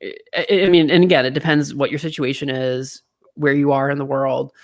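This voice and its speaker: A man hosts a casual talk with friends. His voice is mid-pitched with a gravelly, fry-tinged texture. He rambles easily, restarting sentences and filling pauses. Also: fairly even intonation. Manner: chatty, lots of fillers and restarts. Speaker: host. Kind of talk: casual chat.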